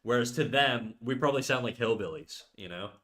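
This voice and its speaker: A man's voice: medium pitch, expressive, a little fast, fairly bright tone. Casual Québécois man chatting on stream. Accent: Québécois French. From Quebec, Canada. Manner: rambling, self-mocking, switches between French and English. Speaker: livestreaming artist. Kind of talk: casual livestream chat.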